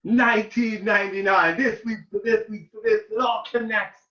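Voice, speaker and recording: Man, rabbi's informal talk, excitable, dull lo-fi recording, roomy echo. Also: high-pitched, moderate pace. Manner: excitable, shouts and cracks when reliving a game. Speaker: rabbi giving a talk to students. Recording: roomy, distant, dull lo-fi sound.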